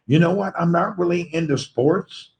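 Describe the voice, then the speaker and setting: Livestream host, American man with a Southern accent, sleep-deprived and slightly crackly, greets his viewers in a relaxed, chatty way. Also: a little high, moderate pace. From Tennessee, USA. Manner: friendly, greets viewers one by one. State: tired, voice a little crackly from poor sleep. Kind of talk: casual livestream chat, reading out viewer comments.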